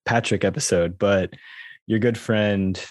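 A man's voice: lowish voice, fairly even intonation, unhurried, slight background noise. A man hosting a podcast in an upbeat, easygoing way. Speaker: podcast host. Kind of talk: casual chat.

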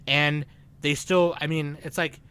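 A man co-hosting a podcast, ranting loudly and profanely, swinging between shouting and muttering. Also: a little high, level tone, unhurried, smooth. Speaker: podcast co-host. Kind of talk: casual chat.

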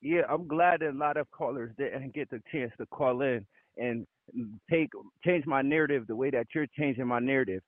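A man's voice: mid-range voice, normal speed, dry recording, phone-quality sound. A man co-hosting a boxing podcast, arguing hard, swearing a lot and refusing to be cut off. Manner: insistent, swears a lot, cuts off rebuttals. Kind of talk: heated debate, profane.

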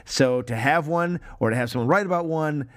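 A man's voice: a little high, brisk. A man co-hosting a podcast, chatting casually about old films, laughing often and swearing freely as he rambles. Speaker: podcast co-host. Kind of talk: casual film review chat.

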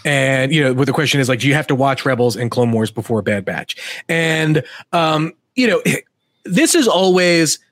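A man's voice: medium pitch, lively intonation, normal speed, a bit bright, no echo, clean studio sound. A man co-hosting a casual chat, rambling with many fillers and restarts. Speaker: co-host.

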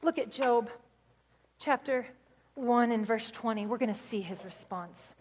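A woman guest speaker preaching a sermon, telling the story with animated, acted-out voices. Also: fairly high pitch, a little slow, breathy edge, big-room sound.

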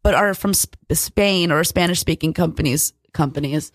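A woman's voice: deep voice, moderate pace, dry recording, studio quality. A young woman chatting casually as a guest, with lots of fillers and frequent laughter. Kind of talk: casual chat.

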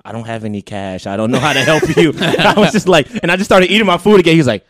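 A young man in casual chat with friends, laid-back, with quick reactions and jokes. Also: a little high, a bit bright, no room sound, studio quality.

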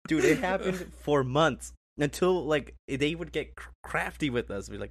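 A man's voice: fairly high pitch, very animated, moderate pace, a little hiss or hum. A man co-hosting a casual podcast, telling a prank story and laughing a lot as he acts out the voices of the people in it. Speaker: podcast co-host. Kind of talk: casual chat.

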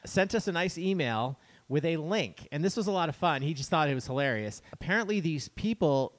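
A man's voice: fairly high pitch, lively intonation, fairly quick. A man co-hosting a podcast in casual chat, giggly and chatty, reading notes aloud. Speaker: podcast co-host.

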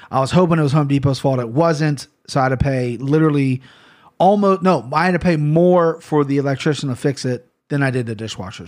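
A man hosting a casual fight-picks show, rambling and swearing freely, often correcting himself mid-sentence. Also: medium pitch. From Ohio, USA. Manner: profane, rambling storyteller; fast, excitable tangents with self-corrections. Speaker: MMA fight picks host. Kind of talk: casual chat.

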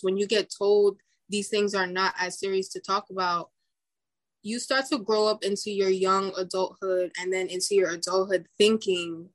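A woman's voice: medium pitch, fairly even intonation, normal speed. A young woman in casual podcast chat, talking in an earnest, reflective way with many likes and restarts. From Dominican heritage.

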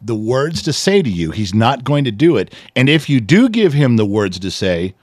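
A middle-aged man co-hosting a casual podcast, telling a family story with lively, animated delivery and acting out what others said. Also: mid-range voice, normal speed, dry recording, studio quality. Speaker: podcast co-host. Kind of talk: casual chat.

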